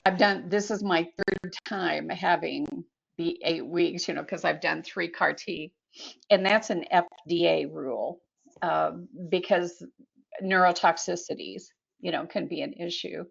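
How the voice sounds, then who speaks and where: A woman speaking slowly and hesitantly with many fillers, chatting in an online support group. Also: on the low side, creaky, slightly rough, highs cut off. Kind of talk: casual video call chat. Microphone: video call.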